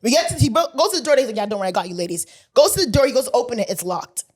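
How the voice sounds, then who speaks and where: A woman's voice: on the high side, expressive, very fast, breathy edge. Young woman co-host, chatty storyteller who acts out every quote with laughs. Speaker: podcast co-host. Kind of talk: casual storytelling chat.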